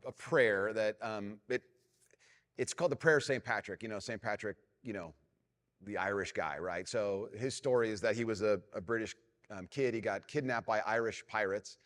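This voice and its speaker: A middle-aged man preaching a sermon as pastor, telling a self-mocking story and dropping to a hushed, prayerful tone. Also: on the low side, moderate pace. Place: large church hall. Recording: long reverb of a church hall.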